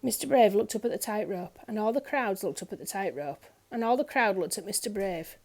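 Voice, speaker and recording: Warm, lilting woman reading a storybook. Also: medium pitch, brisk. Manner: expressive, lilting. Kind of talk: reading a children's picture book aloud.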